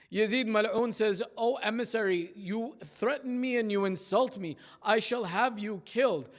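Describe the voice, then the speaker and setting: A man's voice: sits high, fairly bright tone, long reverb tail. A man delivering a mourning sermon at a religious gathering, telling the story with impassioned, dramatic delivery. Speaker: religious speaker at a majlis.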